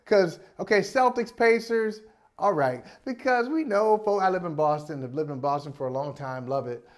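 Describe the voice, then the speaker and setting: A man hosting a sports talk show in a casual, animated debate, often repeating phrases as he builds a point. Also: high-pitched, normal speed.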